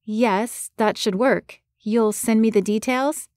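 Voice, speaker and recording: A woman's voice: fairly high pitch, takes it slowly, a little mellow, no echo, clean studio sound. A woman voicing a hopeful young female matchmaker who speaks eagerly.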